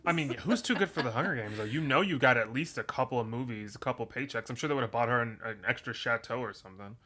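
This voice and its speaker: A man's voice: mid-range voice, fast, sharp tone. A man co-hosting a casual podcast chat in a campy, joking way. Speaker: podcast co-host.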